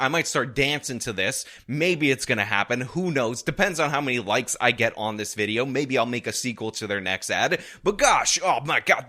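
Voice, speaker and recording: A man talks in a bright, clear voice that swings widely up and down. He mocks and jabs his way through casual commentary. His tone stays sarcastic throughout. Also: mid-range voice. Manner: sarcastic, mocking. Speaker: online political commentator.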